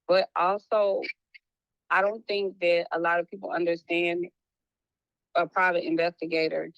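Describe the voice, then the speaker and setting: A woman speaking as a private investigator in a casual, apologetic conversation, talking in quick bursts with many restarts. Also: fairly low pitch, dry recording, muffled recording. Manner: animated, restarts often, slips into a playful hood voice when quoting.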